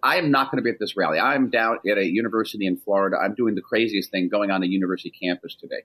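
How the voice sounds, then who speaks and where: A man's voice: lowish voice, racing, a bit bright, husky. A man being interviewed on the radio, speaking urgently and emphatically, often restarting his sentences. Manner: emphatic and insistent, with frequent restarts. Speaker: ambassador, interview guest.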